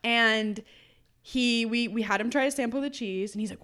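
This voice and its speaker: A woman's voice: a little high, quick pace. A woman, a food business co-owner, telling stories in a casual podcast conversation and acting out her customers. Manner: animated storytelling, acts out customer quotes.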